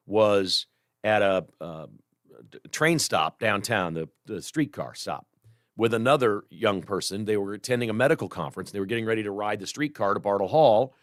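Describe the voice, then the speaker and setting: A man hosting a talk radio show, speaking in an earnest, conversational monologue that turns animated when he gets worked up. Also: fairly low pitch, no echo, studio quality.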